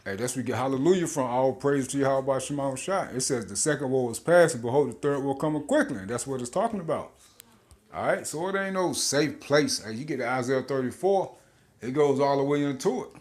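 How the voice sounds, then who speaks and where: A man's voice: medium pitch, expressive, fairly quick, darkish tone. A man, giving an informal scripture teaching as a street preacher, slangy and laughing often, with repeated words.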